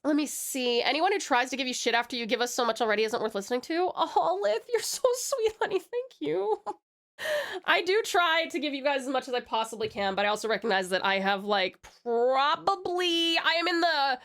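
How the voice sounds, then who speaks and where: Her voice sits high and is sing-song, a little fast and fairly bright. Streaming live from a home desk mic, this young woman with an American accent keeps up casual, giggly, affectionate chat with her viewers, showering them with pet names in a bubbly way.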